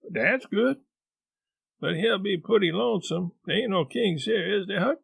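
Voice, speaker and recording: A man's voice: sits high, lively intonation, normal speed, vocal fry, a bit bright, slightly rough, no room sound, voice pushed up, heavily acted. A man voicing a stubborn, folksy grown man who argues insistently in rustic dialect. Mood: wondering.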